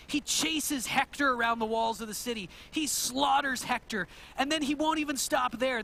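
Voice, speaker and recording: A male pastor delivering a sermon as an animated storyteller, retelling an old tale in plain conversational words. His voice sits very high and sounds bright and forceful. He now and then turns to the congregation with a question. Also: creaky. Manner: asks the audience questions.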